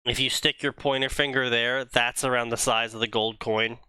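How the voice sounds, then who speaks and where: A man's voice: medium pitch, level tone, moderate pace, sharp tone, clear, resonant tone, no echo. A man co-hosting a casual comedic fanfiction reading stream, rambling through jokey explanations.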